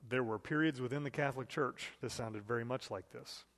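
A man's voice: mid-range voice, a little fast, fairly bright tone, in a large hall. A man teaching a Bible study in a conversational way, reading scripture aloud and asking the group questions.

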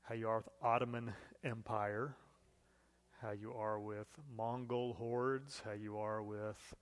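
A man's voice: fairly low pitch, level tone, slow, in a large hall. A man teaching a Bible study in a conversational way, reading scripture aloud and asking the group questions.

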